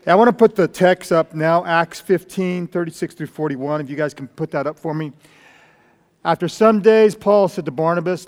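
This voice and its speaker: Jokey pastor opening a sermon. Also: male voice, on the high side, fairly quick. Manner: jokey, casual, energetic. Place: church.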